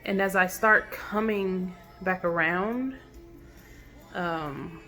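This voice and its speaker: A woman telling a personal story in a reflective, halting way, with many fillers and restarts. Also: fairly low pitch, sharp tone, faint music behind. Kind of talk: personal testimonial monologue.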